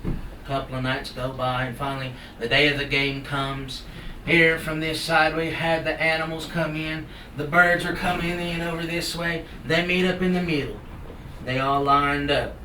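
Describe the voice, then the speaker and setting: Animated storyteller man, far-off roomy sound. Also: fairly high pitch. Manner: lively and animated, acting out the action. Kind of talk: live oral folk storytelling. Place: indoor talk venue. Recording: roomy room from far off, noisy.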